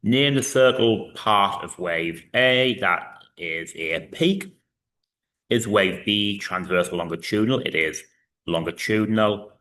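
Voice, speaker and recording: Low, bright-voiced male physics teacher. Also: measured pace. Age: 30s. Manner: explains step by step with frequent fillers. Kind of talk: recorded online lesson.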